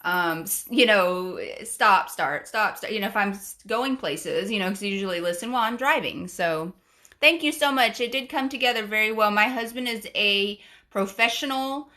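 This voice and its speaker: A woman's voice: mid-range voice, normal speed, pushed and bright. A woman hosting a casual live stream, greeting viewers and reading their comments aloud in a bubbly, gushing way that often repeats itself. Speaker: live stream and podcast host.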